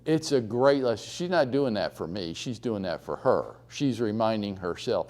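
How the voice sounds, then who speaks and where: Guy coaching a room of real estate agents, blunt and lively, acts out what people say on the phone. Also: fairly low pitch, normal speed, few pauses. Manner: blunt, animated storytelling with acted-out quotes. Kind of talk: live training talk to a room. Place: training room with audience.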